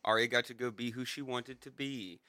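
A man chatting casually, swearing a lot and mocking in an animated way. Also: mid-range voice, brisk, no room sound. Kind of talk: casual chat.

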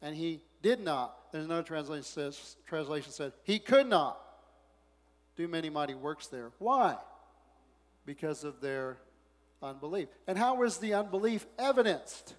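A man pastor preaching a sermon, reading scripture quietly, then rising into loud, excited preaching. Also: on the high side, moderate pace, long reverb tail.

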